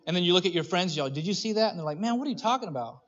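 Animated male pastor, muffled sound. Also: sits high, racing. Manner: animated, acts out voices, restarts often. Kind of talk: sermon.

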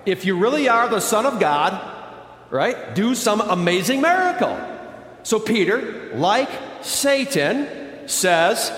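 Male pastor, higher-pitched voice, dramatic sermon delivery, big reverberant church hall. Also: very animated, unhurried. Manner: dramatic, swings from loud emphatic bursts to low quiet intensity.

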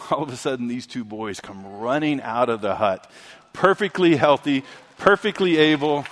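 A man preaching a sermon, telling a story and swinging from loud, emphatic lines to hushed ones. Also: medium pitch, animated, measured pace, a little hiss or hum. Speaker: pastor. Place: church sanctuary. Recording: long hall reverb.

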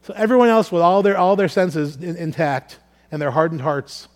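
This male preacher has a voice on the high side, a steady tone and a moderate pace. Delivering a sermon with scripture reading, he speaks earnestly and repeats words while working through his thoughts.

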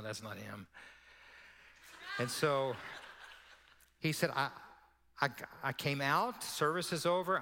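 A man preaching to his church, telling a personal story in an easy, conversational way. His voice sits at an ordinary middle pitch, and he breaks into little laughs between lines. A long reverb trails off every phrase in the sanctuary. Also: pushed and bright. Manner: conversational, laughing asides, acts out quoted voices. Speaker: pastor. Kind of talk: sermon storytelling.

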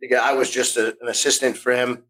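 Bright-voiced American man telling stories. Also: medium pitch, little pitch movement, quick pace, rough recording. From United States. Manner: rambling, restarts often, acts out quoted voices. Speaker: podcast guest. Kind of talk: casual storytelling interview.

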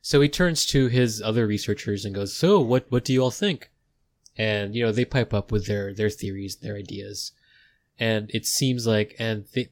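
A man runs a tabletop game as game master. His voice is low, and he narrates in a loose, rambling way, full of fillers.

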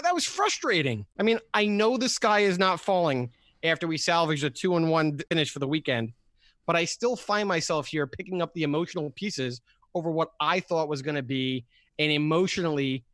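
A man co-hosting a sports podcast, telling animated stories and stumbling over repeated words. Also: on the high side, dry recording. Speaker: podcast co-host. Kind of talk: casual sports podcast chat.

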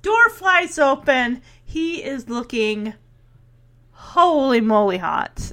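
A slightly high-voiced woman talks through a show's episode in a loose, chatty way. She giggles a lot and breaks into playful little impressions of the characters as she goes. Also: lively intonation, slow pace, pushed and bright. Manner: chatty and giggly, laughs often. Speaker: show recapper. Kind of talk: casual recap chat.

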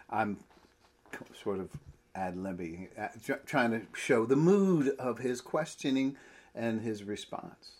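A man preaching a sermon, animated and full of rhetorical questions. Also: on the low side, breathy edge. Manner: animated, rhetorical questions, laughs mid-phrase.

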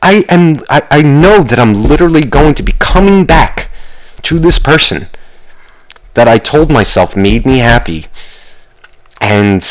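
A man's voice: mid-range voice, animated, measured pace, pauses often, rough recording. Rambling, swearing man musing aloud. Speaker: vlogger. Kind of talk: rambling comic rant.

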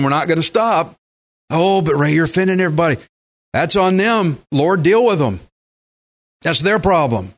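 Delivering a sermon in a slightly high voice, this pastor gets animated and imitates the voices of those he quotes.

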